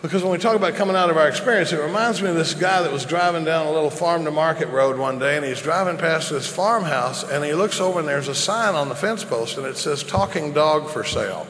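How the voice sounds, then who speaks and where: Man, 50s, folksy rambling recovery talk, slightly high voice, long hall reverb. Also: quick pace, hardly any pauses, fairly bright tone. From Dallas, Texas. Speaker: recovery meeting speaker. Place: large convention hall.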